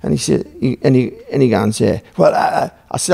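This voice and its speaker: Geordie man, guest on a podcast, gravelly voice, rambling, profane storyteller who quotes both sides of a row. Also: mid-range voice, fast talker, dark tone. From Newcastle, England. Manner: rambling, swearing, acts out dialogue. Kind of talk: casual storytelling.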